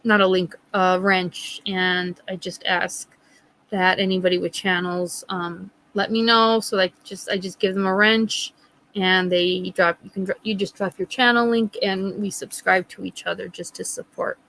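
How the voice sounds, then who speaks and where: Chatting casually with her live chat viewers, a middle-aged woman streams a rambling story full of acted-out quotes and frequent laughter. Her voice is mid-range, steady, sharp and unhurried, captured on a rough recording.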